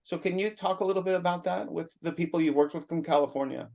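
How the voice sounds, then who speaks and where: A man's voice: fairly high pitch, fast talker, creaky, darkish tone. A man hosting a podcast, asking long, earnest questions in a talkative way. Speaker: podcast host. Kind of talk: interview hosting.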